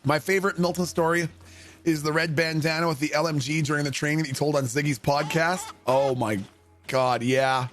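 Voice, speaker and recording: Male streamer, slightly high voice, casual profane storyteller, faint background music. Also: steady tone, brisk. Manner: profane, laughing, swings into loud shouted impressions. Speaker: livestreamer. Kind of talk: casual storytelling while gaming.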